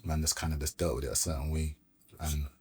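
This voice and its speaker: A man from Brixton, London, with a London accent, speaks fast in a very deep, husky voice with a level tone. As a podcast guest, he casually tells his story in laid-back street slang, quoting the back-and-forth.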